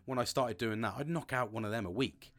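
A man's voice: mid-range voice, brisk, fairly bright tone. A man chatting casually and frankly as a podcast host, rambling with restarts and swearing often. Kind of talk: casual personal chat.

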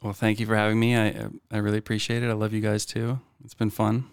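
A podcast guest with a gravelly, fry-tinged voice, talking casually in a dry, close studio. He stammers, restarts and jokes at his own expense while he chats. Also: fairly low pitch, completely flat delivery, fast, dry recording. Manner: stammering, self-deprecating, restarts often. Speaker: podcast guest, meme page creator. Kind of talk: casual chat. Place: studio, in headphones. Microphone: studio mic with headphones.

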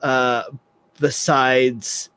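A man's voice: medium pitch, little pitch movement, extremely slow, fairly bright tone, clear, resonant tone. A man playing in a tabletop game, chatting casually in a rambling, hesitant way with many restarts. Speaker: player.

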